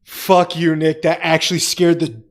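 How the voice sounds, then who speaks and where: A man's voice: a little high, normal speed, gravelly. A man co-hosting a podcast, telling stories in casual, profane chat. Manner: profane, animated storyteller. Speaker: podcast co-host.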